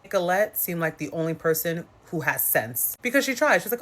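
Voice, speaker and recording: A woman's voice: on the low side, sing-song, brisk, fairly bright tone. A woman giving casual, blunt and gossipy reaction commentary on a dating show, often slipping into the voices of the people she quotes. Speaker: reality TV commentator.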